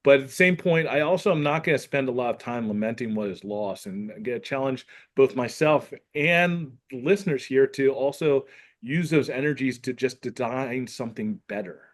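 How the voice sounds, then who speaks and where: School counselor guy on a podcast, earnest, says "like" a lot, mid-pitched voice. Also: expressive, moderate pace. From Pennsylvania. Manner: earnest, thoughtful, many "like" fillers. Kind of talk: casual conversation, reading from his book.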